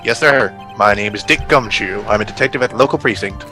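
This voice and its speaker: Guy doing a bumbly eager cop on the stand, low-ish but bright, always saying sir. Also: fairly quick, soft background music. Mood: earnest. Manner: deferential, adds sir often. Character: bumbling eager male police detective.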